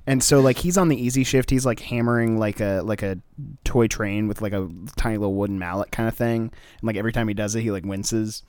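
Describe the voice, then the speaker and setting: A man's voice: on the low side, fairly even intonation, brisk, darkish tone, clear, resonant tone, no echo. A man casually working out a comedy plot aloud, hesitant and loose. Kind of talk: comedy podcast improv.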